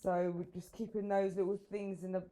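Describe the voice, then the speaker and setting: A woman's voice: medium pitch, flat delivery, fairly quick, dark tone. A woman with a London accent, a singer, chatting casually and laughing easily. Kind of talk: casual chat.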